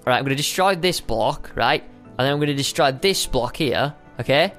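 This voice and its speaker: A young man giving playful, chatty commentary while playing a survival game, now and then breaking into high squeals. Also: lively intonation, moderate pace, a bit bright, faint music behind. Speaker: gaming video host. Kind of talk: casual gameplay commentary.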